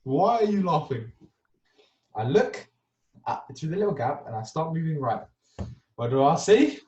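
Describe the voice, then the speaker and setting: On a podcast, a young male co-host with a high-leaning voice narrates a story casually at normal speed, acting out scenes with animation and adding "yeah?" to his lines. The sound is lo-fi and roomy, the mic far away.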